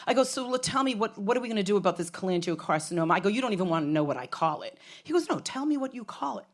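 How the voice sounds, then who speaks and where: A woman's voice: mid-range voice, animated, rapid-fire. A middle-aged woman telling a frank, comic personal story on stage, swearing freely. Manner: frank, profane, comic, with laughs from a crowd.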